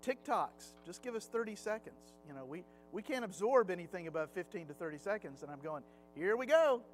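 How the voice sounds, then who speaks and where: A man's voice: sits high, lively intonation, brisk, faint music behind, rough recording. A middle-aged man teaching a Sunday Bible class in a church classroom, chatty and anecdotal, slipping into acted quotes. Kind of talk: conversational Sunday Bible lesson.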